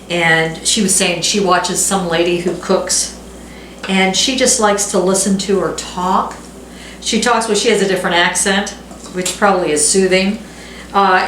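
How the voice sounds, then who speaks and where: A woman's voice: fairly low pitch, fairly bright tone, slight background noise. A middle-aged woman hosting a home cooking video, chatting casually and reading recipe steps aloud with self-deprecating asides. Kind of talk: casual cooking vlog chat. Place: home kitchen. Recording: echoey kitchen with clattering dishes.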